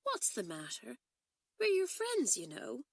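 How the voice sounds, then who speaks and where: A woman voicing a kind, practical schoolgirl, speaking gently and briskly. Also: on the high side, huge pitch swings, creaky, slightly rough, no room sound, voice pushed up, full character voice. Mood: concerned.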